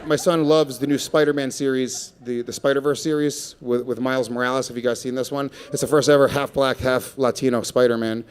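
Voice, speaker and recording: A man doing a stand-up comedy set, brash and profane with a deadpan edge. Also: medium pitch, fairly quick, few pauses. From Puerto Rico. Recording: live club set with a laughing crowd. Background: audience laughter.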